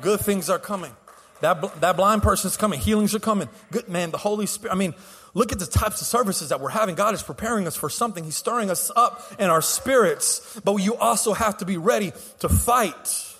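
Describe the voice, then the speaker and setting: A man's voice: high voice, brisk, a bit bright, husky. A man preaching a sermon as pastor, telling stories casually with restarts and laughs, then building to fervent exhortation. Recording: long hall reverb.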